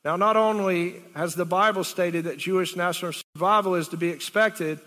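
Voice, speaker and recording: A man's voice: sits high, steady tone, moderate pace, bright, forceful tone, long reverb tail. A man preaching a sermon in a rambling, conversational way, full of rhetorical questions.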